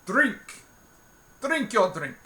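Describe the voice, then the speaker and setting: A man voicing a tall, burly, tactless tavern barkeep who talks loud and curt. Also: high voice, big pitch swings, very slow, voice pushed up, heavily acted. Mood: gruff. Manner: gruff and curt.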